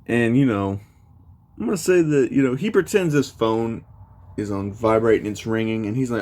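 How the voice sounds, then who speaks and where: A man's voice: mid-range voice, moderate pace, a little mellow. Give me a young man rambling through a casual story, full of fillers. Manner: rambling, many fillers like "you know".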